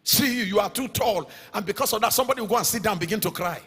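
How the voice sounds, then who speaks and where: A middle-aged man with a Nigerian accent preaching a sermon, emphatic and sing-song, sometimes rising to shouts. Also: high voice, very fast, husky, faint music behind. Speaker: pastor. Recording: reverberant hall sound.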